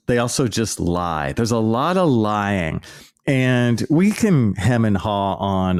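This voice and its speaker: Podcast host, male, lowish voice, sarcastic and exasperated casual rant.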